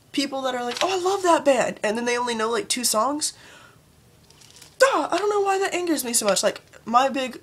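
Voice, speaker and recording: A young woman vlogger ranting casually to camera about her pet peeves, chatty, with sudden jumps up in pitch. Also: a bit bright, a little hiss or hum.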